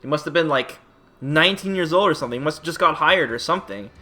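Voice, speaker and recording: A streamer and YouTuber tells a long, exasperated story in a casual vlog, speaking quickly in a slightly high voice. He swears often and acts out both sides of the conversation, keeping the telling animated and profane.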